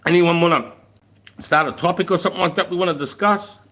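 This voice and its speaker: A man's voice: high-pitched, fast, fairly bright tone. Laid-back Australian man chatting on stream. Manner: rambling, laid-back, swears freely, often laughs. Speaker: live streamer. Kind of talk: casual live-stream chat with viewers. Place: room at home with a fire going.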